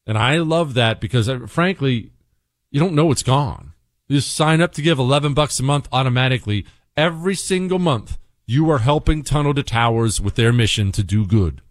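A dry, studio-quality recording captures a male radio host in an opinionated monologue. He rants with sarcasm in mocking high tones, then drops to a low, earnest pitch to read sponsor spots.

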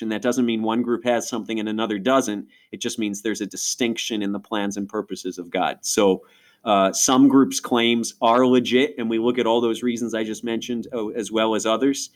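A middle-aged man from Rochester, New York, explaining in a podcast conversation with animated asides. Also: fairly low pitch. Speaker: ministry guest speaker.

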